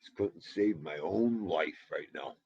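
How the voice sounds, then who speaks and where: A man hosting a livestream, rambling excitably and greeting viewers by name. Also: rumbling low, measured pace, creaky, slightly rough, no room sound, dull audio. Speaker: livestream host. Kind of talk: casual chat.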